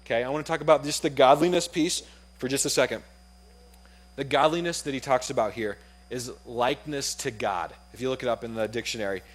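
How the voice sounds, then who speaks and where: A young adult man preaching a sermon to his church, telling a story with acted-out dialogue in a lively, conversational way. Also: medium pitch. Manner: animated storytelling, acts out dialogue. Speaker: pastor. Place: church auditorium.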